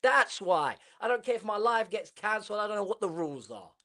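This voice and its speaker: A man ranting on a live football reaction stream, animated and mocking, swearing freely. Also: high voice, a little fast.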